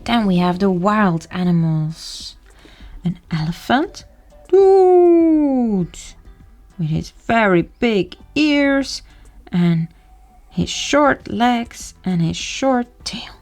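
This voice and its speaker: A woman slowly naming animals for a baby in a playful sing-song way, imitating animal sounds and sometimes dropping to a soft whisper. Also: on the low side, faint music behind. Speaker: children's video presenter.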